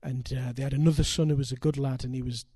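An older man, preaching a sermon and telling stories with animated, emphatic delivery. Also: medium pitch, fast, no echo. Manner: animated, building to loud emphatic peaks. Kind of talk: sermon with storytelling.

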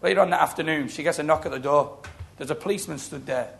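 Man, sermon, storytelling, gravelly, slightly high voice. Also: quick pace. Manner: storytelling, animated, acting out quoted voices. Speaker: preacher. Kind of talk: sermon with testimony.

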